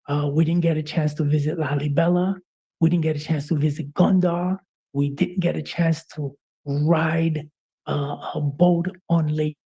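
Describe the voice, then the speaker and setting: Husky man doing a live show monologue, mellow and low-key tone but fired up, keeps saying uh. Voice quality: frequent "uh" fillers. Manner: impassioned, preacher-like delivery. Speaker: talk show co-host.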